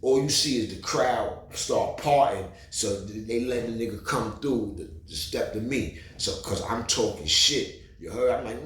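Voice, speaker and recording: New man, mid-pitched, animated street storyteller, roomy echo on the recording. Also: moderate pace, few pauses. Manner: animated, profane, repeats "you heard".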